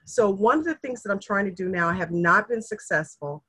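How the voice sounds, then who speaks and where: A middle-aged woman speaks briskly in a medium-pitched, slightly rough voice. She's a guest in casual conversation, recounting family history with earnest feeling and lively impersonations of the people she quotes.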